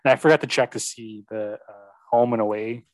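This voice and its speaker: A man's voice: medium pitch, fairly quick, no echo, low-quality recording. A young man chatting about football, agreeable and hesitant, full of ums and yeahs. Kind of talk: casual sports chat.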